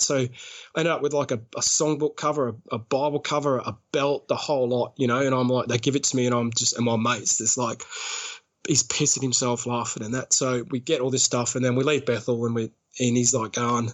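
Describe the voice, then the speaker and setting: A man's voice: medium pitch, steady tone, brisk. Rambling Australian man telling a story. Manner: laughs often while telling stories, rambling. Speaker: guest. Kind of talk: casual storytelling.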